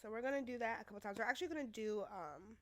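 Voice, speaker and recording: A woman's voice: on the high side, very fast, fairly bright tone. A young woman hosting her own podcast in a loose, chatty way, swearing casually, her voice still worn from being sick. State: recovering from covid, voice still sick. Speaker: podcast host. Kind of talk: casual solo podcast talk.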